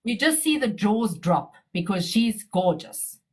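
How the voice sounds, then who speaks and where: A middle-aged woman chatting on a live stream. She tells her story eagerly, stumbling and restarting as she goes. Her pitch sits in the middle range. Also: lively intonation, measured pace, slightly rough. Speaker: community member sharing her story. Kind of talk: casual live-stream chat.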